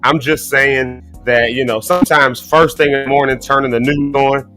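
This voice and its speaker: Bright-voiced man hosting a live morning show. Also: medium pitch, fairly even intonation, moderate pace, faint music behind. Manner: chatty, folksy, laughing. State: choking, throat clearing. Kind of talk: casual live show chat.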